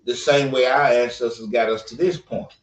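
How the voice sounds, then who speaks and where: A man's voice: medium pitch, fairly even intonation, moderate pace. A man co-hosting a casual opinion podcast, speaking in an earnest, emphatic, preachy way. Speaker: podcast co-host. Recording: roomy, distant, dull sound.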